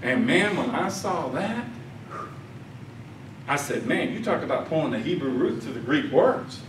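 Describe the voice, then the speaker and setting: A man giving a conference lecture. He tells animated stories and acts out quoted voices. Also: fairly high pitch, a little slow, distant mic, background noise. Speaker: conference speaker. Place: conference hall. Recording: echoey hall, speaker off mic.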